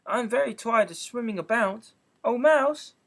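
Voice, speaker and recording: An eager, prim young girl rattles on in a bright, raised voice, as a man reading a storybook aloud puts her on. She sounds curious and chatty, rambling from one thought to the next with lively rises in pitch. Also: a little slow, vocal fry, exaggerated voice. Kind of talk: amateur audiobook reading.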